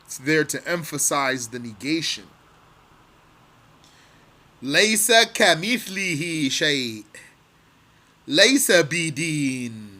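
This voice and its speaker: A man with a pushed, bright voice on the high side teaches a religious text line by line. Slow and deliberate, he reads Arabic phrases, then translates and explains them word by word, repeating himself often.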